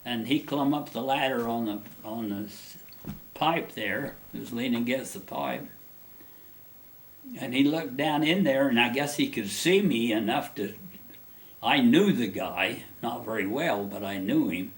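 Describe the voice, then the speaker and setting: A man's voice: mid-range voice, a little slow. A man being interviewed, telling a personal story in a rambling, folksy way with many restarts.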